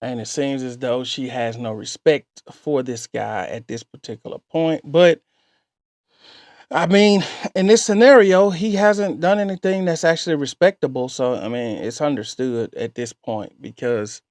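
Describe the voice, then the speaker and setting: A man's voice: medium pitch, a little slow, a little mellow, no echo. A man hosting a reaction channel, talking through a story clip and giving his own dating advice to viewers.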